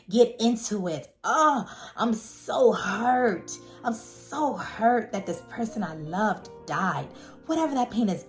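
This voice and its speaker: A woman vlogger in a casual, heartfelt monologue, animated and emphatic, who repeats words for emphasis. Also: mid-range voice. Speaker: vlogger reviewing a web series.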